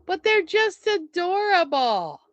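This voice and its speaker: A woman's voice: very high voice, very animated, slow pace, no echo, muffled recording. A woman co-hosting a podcast in casual chat, playful and teasing, with lots of "like". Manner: playful, teasing, says "like" a lot. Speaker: podcast co-host.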